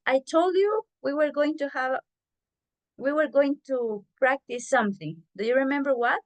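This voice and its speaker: A woman's voice: sits high, normal speed, highs cut off. A woman teaching an English class over a video call, patiently repeating herself as she explains.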